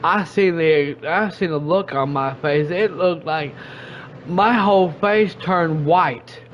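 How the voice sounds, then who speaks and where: A man hosts a casual stream podcast. He rambles and keeps restarting his sentences, in a fairly high voice. The audio is muffled, with a faint hiss behind him. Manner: rambling, halting, with many restarts.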